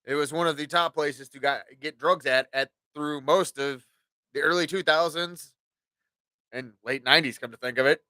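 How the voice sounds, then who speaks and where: A man's voice: on the high side, normal speed, sharp tone, no echo, studio quality. A man in his forties hosting a podcast, telling rambling, profane stories and acting out what people said. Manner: profane, rambling, acts out quotes. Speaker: podcast host. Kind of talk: casual storytelling monologue.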